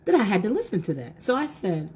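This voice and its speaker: A woman's voice: mid-range voice, huge pitch swings, quick pace, a little mellow, husky. A woman hosting a motivational talk for women, emphatic and preachy, with self-mocking asides to her audience. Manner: repeats words and restarts when fired up.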